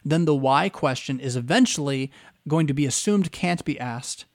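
A man's voice: on the high side, moderate pace. A pastor giving a conversational teaching lecture, often checking in with his listeners by asking "right?".

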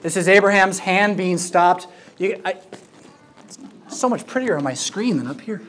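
A Bible teacher giving a classroom lecture, emphatic and lively, with informal asides. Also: mid-range voice, normal speed, a little hiss or hum. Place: classroom with a projected screen.

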